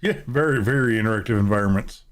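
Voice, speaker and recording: A man's voice: fairly low pitch, quick pace, a little hiss or hum. A man hosting a casual nerdy podcast, rambling and correcting himself as he talks. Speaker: podcast host.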